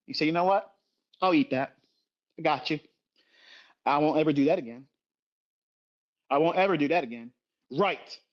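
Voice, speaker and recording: A man's voice: fairly high pitch, dull audio. A middle-aged man giving a profane, scolding lecture as a trading educator in a livestream rant.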